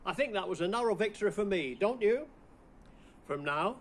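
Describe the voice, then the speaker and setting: A man's voice: sits high, expressive, moderate pace, slight background noise. A man running a playful Christmas riddle routine, puzzling aloud over each one before chuckling at the answer.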